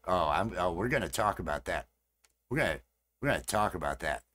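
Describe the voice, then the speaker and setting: Low-voiced man chatting on a live stream. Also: expressive, fairly quick, fairly bright tone. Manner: rambling, repeats phrases, chats with viewers. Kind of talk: casual live-stream chat.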